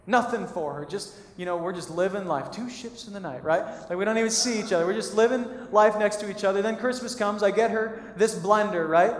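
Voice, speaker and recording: High-voiced pastor in an echoey hall. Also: male voice. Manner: conversational, acts out little scenes. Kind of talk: sermon. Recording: echoey hall with long reverb.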